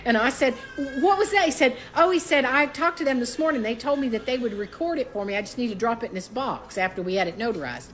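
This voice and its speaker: Animated woman in her sixties telling a story. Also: quick pace, few pauses, a little hiss or hum. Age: 60s. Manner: animated, acts out quoted voices with rising pitch. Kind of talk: casual storytime.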